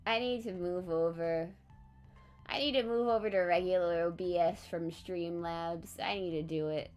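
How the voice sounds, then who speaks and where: A tired woman streaming live, chatting casually in a rambling, low-key monotone. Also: moderate pace, faint music behind.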